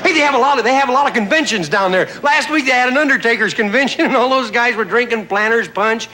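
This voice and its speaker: A man's voice: very high voice, quick pace. A man performing a folksy stand-up comedy monologue on a TV studio stage, chuckling at his own jokes. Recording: noisy old TV broadcast with audience laughter. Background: studio audience laughter.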